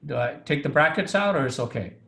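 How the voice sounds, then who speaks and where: A man taking part in a software training call, hesitantly checking each step as he goes. His tone stays casual and unsure. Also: on the high side, expressive, quick pace, vocal fry. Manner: tentative, checking questions. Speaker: trainee user.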